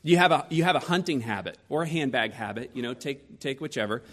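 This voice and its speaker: A man's voice: mid-range voice, quick pace. Man preaching a storytelling sermon. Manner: storytelling, rhetorical questions, lively shifts in loudness. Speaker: pastor.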